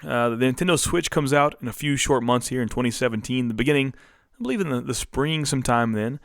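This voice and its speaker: A man's voice: mid-range voice, quick pace, creaky, dry recording, studio quality. A man co-hosting a podcast, chatting casually and laughing often as he runs through gaming news. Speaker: podcast co-host. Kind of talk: casual chat.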